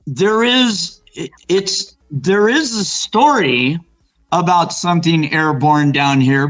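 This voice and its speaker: Chatting as a guest about local hauntings, a man from Arizona raised in Los Angeles spins rambling stories full of restarts and fillers, voicing the people he quotes. His voice is fairly high-pitched and a bit bright, heard over poor audio.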